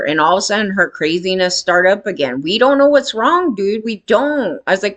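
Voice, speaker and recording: A woman's voice: medium pitch, a little fast, few pauses, fairly bright tone. A woman telling a candid personal story in a rambling, emphatic way, swearing freely.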